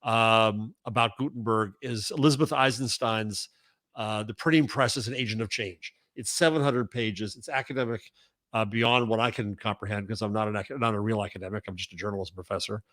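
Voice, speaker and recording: A man who is a journalism professor, talking as a guest over a video call in a halting way, with many restarts. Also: fairly low pitch, fairly even intonation, fairly bright tone, no room sound, clean studio sound. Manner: halting, full of restarts and fillers. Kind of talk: casual conversation.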